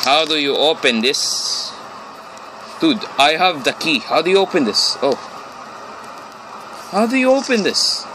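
Jumpy male gamer, slow and noisy. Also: a little high. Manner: jumpy, nervous exclamations, repeats himself. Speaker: let's play gamer. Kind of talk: horror game commentary. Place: at home in his room.

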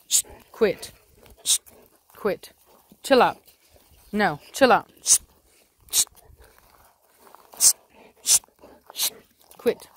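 Woman, dog breeder, bright tense voice, brisk firm commands to her dogs between casual asides. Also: medium pitch. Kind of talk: casual vlog narration.

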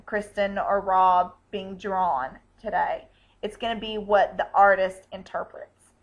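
A woman's voice: mid-range voice, a bit bright, poor audio. A woman hosting a fan vlog, chatting casually in a bubbly, gushing way. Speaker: vlog host.

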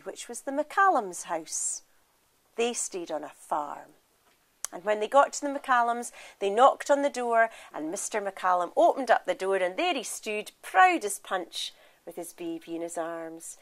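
Lively Scottish woman storyteller. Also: medium pitch, moderate pace. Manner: lively, expressive, addresses the audience. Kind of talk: oral storytelling.

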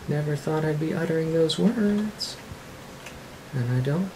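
A gaming channel host doing let's-play commentary, swearing and yelling at the game in frustration. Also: mid-range voice, moderate pace, pauses often, background noise.

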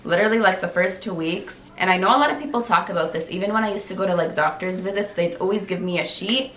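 A woman's voice: medium pitch, quick pace, fairly bright tone. A young woman from Canada chatting casually with her viewers, full of "like" and "you guys". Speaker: vlogger. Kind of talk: casual chat. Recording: echoey room with faint noise.

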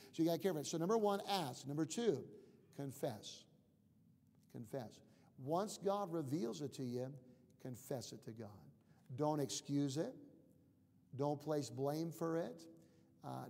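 Earnest pastor in a reverberant church. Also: male voice, gravelly. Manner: earnest preaching, drops quiet and low for prayers, repeats key words. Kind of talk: sermon. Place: church sanctuary. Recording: long reverb of a church hall.

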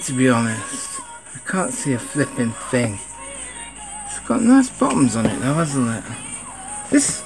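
A man's voice: fairly high pitch, darkish tone. A man giving a casual, rambling unboxing chat, grumbling and swearing at his camera. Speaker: sneaker vlogger.

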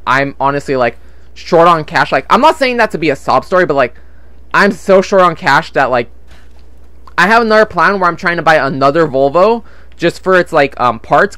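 A man's voice: on the high side, pushed and bright, no echo. A young man chatting casually while playing a game, rambling and swearing about money troubles, on a desktop microphone at home. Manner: rambling, frustrated, swears often. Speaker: gaming channel host. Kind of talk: casual gameplay commentary. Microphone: desktop USB microphone.

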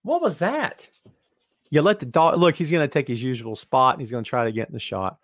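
Excitable and jokey, this male podcast host talks straight to his live-stream chat, reading out comments from viewers in a casual session. He speaks at a medium pitch, a little fast, with no echo.

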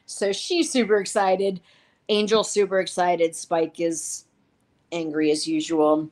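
A woman's voice: lowish voice, steady tone, takes it slowly, a little mellow. A woman co-hosting a show, casually recapping TV episodes in a rambling way, full of fillers and quoted lines. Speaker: podcast co-host reviewing a TV series.

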